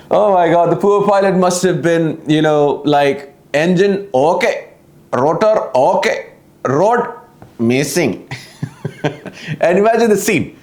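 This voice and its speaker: A man's voice: on the high side, animated, slow pace, pauses often, darkish tone. A young Pakistani man with a Pakistani English accent hosting a satirical news show, mocking each story and laughing through his own jokes. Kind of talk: satirical news comedy monologue. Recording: roomy, echoey room.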